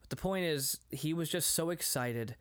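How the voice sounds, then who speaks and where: A man's voice: on the high side, normal speed, smooth. A man in his thirties co-hosting a casual movie chat, rambling, laughing often and acting out quotes. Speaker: podcast co-host.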